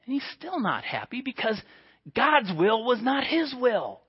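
A man preaching a sermon in an earnest way, dropping to a hushed voice for quoted prayers. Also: very high-pitched, huge pitch swings, a little slow, breathy edge, highs cut off.

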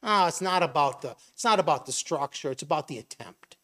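A man's voice: fairly high pitch, lively intonation, a little fast, a bit bright. Middle-aged man preaching with rhetorical questions. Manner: conversational, rhetorical questions, acts out imagined voices. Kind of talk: sermon.

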